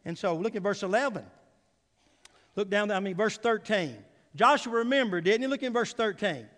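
A male pastor preaching a sermon, swinging from soft, low asides to loud, emphatic calls and asking the congregation for an "Amen.". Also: animated, moderate pace, long reverb tail. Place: church sanctuary.

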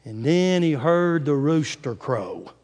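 A man's voice: fairly high pitch, very animated, slow pace, a little mellow. A male preacher giving a sermon, retelling scripture dramatically in a church sanctuary. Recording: long hall reverb.

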